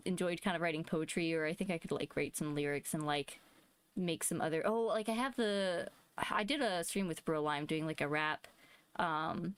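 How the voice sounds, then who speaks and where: A woman's voice: lowish voice, smooth, dry recording. A young woman streamer chatting casually on her anniversary stream, rambling with lots of fillers and giggles. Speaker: streamer host. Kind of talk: casual chat.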